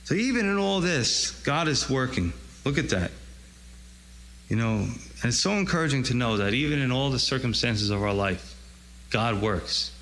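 A man's voice: mid-range voice, animated, moderate pace, fairly bright tone, in a large hall, a little hiss or hum, poor audio. A man preaching a conversational sermon, retelling scripture and acting out the dialogue in a casual voice.

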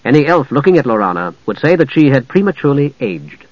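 Guy reading a fantasy book, measured and even, kinda dull dry recording. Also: medium pitch, dry recording. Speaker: audiobook narrator. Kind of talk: scripted fantasy narration.

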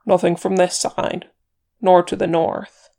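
A reader voicing a gruff, blunt male dwarf warrior in an audiobook, grumbling and plain-spoken. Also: mid-range voice, level tone, slow, dark tone. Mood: steady. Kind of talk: audiobook character reading.

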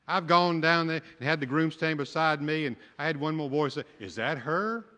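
Older preacher with a bright voice. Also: male voice, on the high side, little pitch movement, a little fast. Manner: folksy storytelling with humor. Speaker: pastor. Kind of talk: sermon. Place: church sanctuary. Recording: long church hall reverb.

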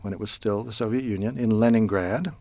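An American man in his fifties, telling his life story in an interview in a measured, thoughtful way with filler pauses. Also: on the low side, darkish tone, dry recording. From United States.

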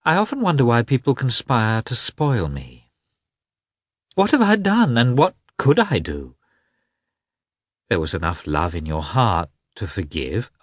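A man reading the part of an emotional, tearful young noblewoman, his voice lifting high and tremulous as she confides. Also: big pitch swings, a little slow, long pauses, dry recording, studio quality. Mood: earnest, tearful.

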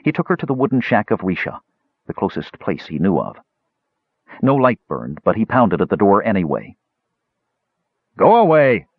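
A man narrating a fantasy story in a dramatic, expressive reading. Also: low-pitched, normal speed, slightly rough, no room sound, narrow, tinny audio. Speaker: audiobook narrator.

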